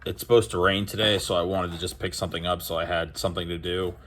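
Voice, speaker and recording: A man's voice: sits low, fast, slight background noise. A young man chatting casually to camera about opening sports cards, rambling and storytelling with lots of fillers and restarts, livening up when he retells conversations. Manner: animated when retelling exchanges. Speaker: card collecting vlogger.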